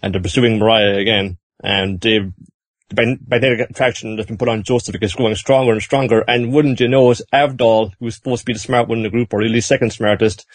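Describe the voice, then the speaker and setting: A man's voice: mid-range voice, no room sound. A man hosting a podcast, recapping an anime episode in casual chat and acting out the characters in silly voices.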